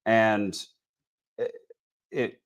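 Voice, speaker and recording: A man's voice: fairly low pitch, steady tone, extremely slow, lo-fi sound. A man with a Texas accent hosting a casual podcast, tired and rambling with many fillers and restarts. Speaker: podcast host.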